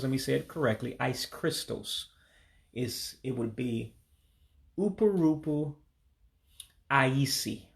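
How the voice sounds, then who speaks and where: A man from Michigan, casually walking through a vocabulary lesson and repeating each word slowly, with frequent ums and uhs. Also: medium pitch, gravelly, a bit bright. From Michigan, USA. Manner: repeats words slowly, hesitant with many fillers. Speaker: language learner teaching vocabulary.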